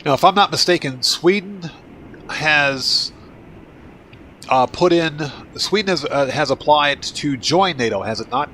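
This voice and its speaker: A man's voice: a little high, lively intonation, measured pace, bright, forceful tone, slight background noise. A man from Baltimore with a Northeastern American accent, casually chatting with viewers while hosting a gaming livestream. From Baltimore, Maryland, USA. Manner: chatty, answers viewers' chat with frequent restarts.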